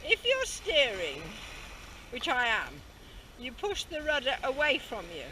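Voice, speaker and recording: Holiday vlogger, high lively voice, joking, wind-buffeted camera audio. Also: male voice, a little slow. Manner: chatty, joking, self-mocking. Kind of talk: casual holiday vlog. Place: outdoors by the sea, on a small sailboat. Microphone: small camera held or worn.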